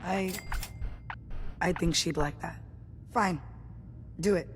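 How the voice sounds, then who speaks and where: A woman's voice: fairly low pitch, takes it slowly, husky, in a large hall. An actress voicing a tough woman fighter in a game, speaking tersely and reluctantly in her grief. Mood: grim. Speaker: game character.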